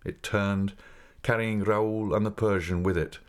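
A man with a very low voice reads a classic novel aloud as an audiobook. His narration is even and measured, unhurried between the lines of dialogue. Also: smooth. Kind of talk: scripted narration.

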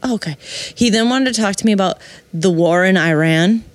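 A woman in casual chat, telling a story in a lively way, laughing and quoting people in put-on voices. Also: medium pitch, a little fast, dry recording. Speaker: guest telling a dating story.

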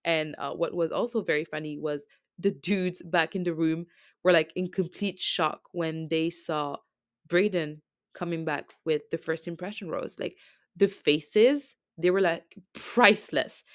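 Woman, French accent, podcast host, casual chatty recap, rambling with fillers, lowish voice, dry close sound. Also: measured pace, no echo. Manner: rambling, chatty, heavy use of filler words.

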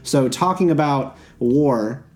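Male podcast host, mid pitch, brisk and chatty. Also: a little mellow. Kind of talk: casual podcast chat.

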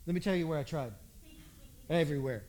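High-voiced folksy male preacher. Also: a little fast. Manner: folksy, animated, acts out voices in the story. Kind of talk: storytelling sermon.

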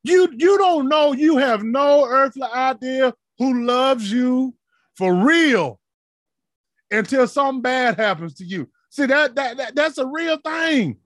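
High-voiced impassioned male preacher. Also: animated, slow pace, no room sound. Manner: impassioned, rhythmic preaching with shouted peaks and asides. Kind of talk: sermon.

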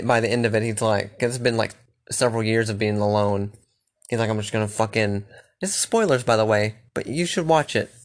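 A young man chatting casually and rambling, swearing freely and restarting his sentences often. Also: mid-range voice. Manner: loose, profane, rambling with restarts.

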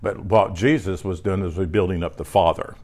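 Man, low voice, sermon, casual teaching tone, reads verses aloud, restarts phrases. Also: fairly even intonation, moderate pace, darkish tone. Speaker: preacher.

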